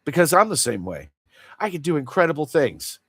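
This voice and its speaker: A man's voice: a little high, sing-song, a little fast, fairly bright tone, husky, no echo, clean studio sound. A man hosting a casual livestream chat, rambling in an earnest and confessional way. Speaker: livestream host.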